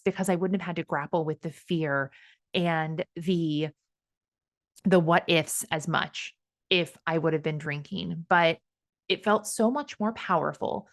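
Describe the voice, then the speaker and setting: A woman in her thirties hosts a solo podcast, her voice sitting low and grounded. She tells personal stories candidly and with animation, laughing and swearing now and then. The sound is close and dry, with no room around it. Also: no echo. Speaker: podcast host.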